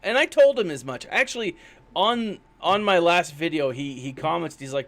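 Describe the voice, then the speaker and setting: A man live-streaming a mobile game, chatting loosely to his viewers. He rambles and often makes fun of himself, with plenty of ums and uhs. His voice sits a little higher than most men's. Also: animated, normal speed, a bit bright. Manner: chatty, rambling, with many fillers; self-deprecating. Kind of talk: casual live-stream commentary.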